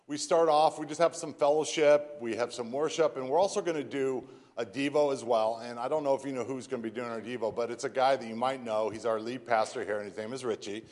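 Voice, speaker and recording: A man's voice: medium pitch, fast, a little mellow. A man giving church announcements in a chatty, rambling way, choked up with emotion. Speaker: announcements speaker.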